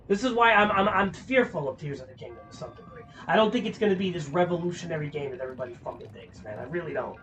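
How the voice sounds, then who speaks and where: A man's voice: high voice, a bit bright. A young man streaming a game, ranting with lots of swearing in frustration. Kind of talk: casual gameplay commentary.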